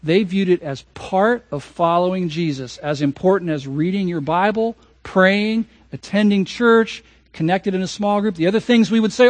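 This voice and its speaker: A pastor delivers his sermon in a high, light man's voice, pressing hard on key words and then dropping to near-hushed asides. The recording is close and completely dry, with no room sound behind him. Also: moderate pace, few pauses, no room sound. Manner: emphatic preaching, swings from raised to hushed.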